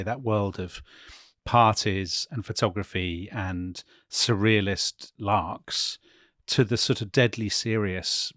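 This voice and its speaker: Animated storytelling man, dry sound. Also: lowish voice, dry recording. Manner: animated, laughs often while telling a story. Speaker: history podcast co-host. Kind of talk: casual conversational storytelling.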